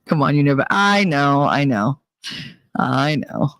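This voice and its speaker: Woman, New Jersey accent, casual chat, animated, laughs a lot, dry close sound. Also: a little slow, smooth, dry recording. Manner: animated, laughs often, mimics relatives in high voices. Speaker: streamer reading chat.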